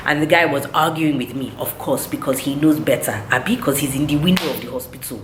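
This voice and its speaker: A woman's voice: rumbling low, fast, few pauses, a bit bright, roomy sound, slight background noise. A woman, animatedly retelling a story in a casual vlog, with indignant quoted dialogue. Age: 30s. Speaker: vlogger.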